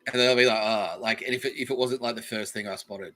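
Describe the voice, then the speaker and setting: A man's voice: on the low side, fairly even intonation, quick pace, a bit bright, soft background music. An Australian man hosting a comedy podcast, ranting in a profane, rambling, mock-outraged way. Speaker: podcast host. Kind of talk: comedic rant.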